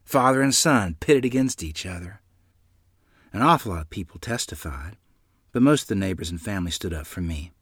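A man narrating a memoir in the first person with a dramatic, expressive delivery. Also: low-pitched, a little fast, slightly rough, no room sound, clean studio sound.

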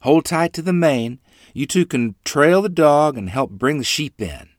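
A man's voice: a little high, animated, measured pace, no room sound, clean studio sound, pitched above the performer's own voice. A man putting on a caring pioneer mother's voice. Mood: warm. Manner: soft, caring, cheerful. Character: gentle pioneer mother, young woman.

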